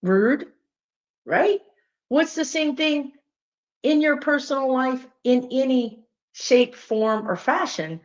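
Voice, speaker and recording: A woman with a Southern US accent, a spiritual teacher talking casually and emphatically to her viewers, with lively asides. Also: sits high, slow, muffled recording. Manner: animated, emphatic, chatty with frequent asides. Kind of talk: casual direct-to-viewer talk.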